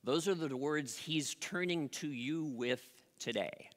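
A pastor preaching a sermon, telling a story with dramatic pauses and rising emphasis. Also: mid-range voice. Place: church sanctuary. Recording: long reverb of a large hall.

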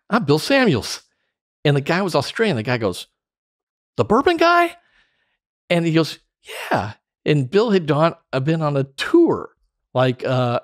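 In studio-quality audio without echo, a middle-aged man with a mid-range voice appears as a podcast guest, spinning stories with lots of laughter. A former sales director, he's an animated storyteller in this casual interview.

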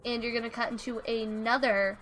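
A woman's voice: a little high, flat delivery, brisk, a bit bright, a little hiss or hum. A woman co-hosting a game stream, dramatically guiding her friend step by step through the route. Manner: bossy, dramatic, gives directions step by step. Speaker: co-host guiding the player. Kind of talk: casual gameplay chat.

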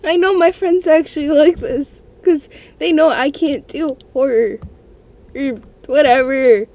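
A woman's voice: sits high, unhurried, a little mellow. A woman host nervously talking through a horror game at home, repeating herself and murmuring as she plays. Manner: jittery, nervous self-talk, repeats herself. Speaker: gaming channel host. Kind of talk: let's-play horror game commentary. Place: her room at home.

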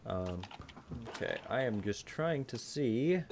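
A man's voice: medium pitch, animated, slow pace, noisy background. A man running a tabletop game as game master, casual and rambling, often laughing and swearing.

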